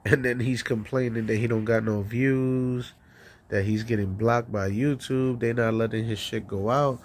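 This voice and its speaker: A man's voice: mid-range voice, fairly even intonation, moderate pace, a little hiss or hum. A man hosting a call-in podcast, rambling and swearing with frequent laughs. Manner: rambling, profane, laughing often. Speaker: podcast host. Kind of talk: casual call-in show rant.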